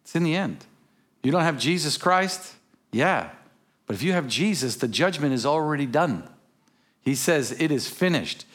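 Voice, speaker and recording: With a voice on the high side and lively intonation, a pastor preaches at normal speed. He alternates between hushed intimacy and bursts of shouting, weaving in casual storytelling asides.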